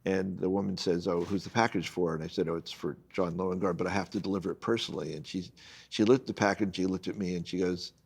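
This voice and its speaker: Here the same guest photojournalist, an older man, talks fast in a deep, slightly rough voice with vocal fry. Chatting casually, he relates a lengthy story from his own life, lively throughout and performing the voices of the people in it.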